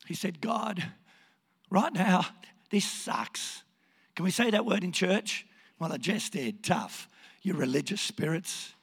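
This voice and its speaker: Hoarse, impassioned male preacher in a hall. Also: high-pitched. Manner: impassioned, swings from hushed to shouting. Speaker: pastor. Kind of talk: sermon.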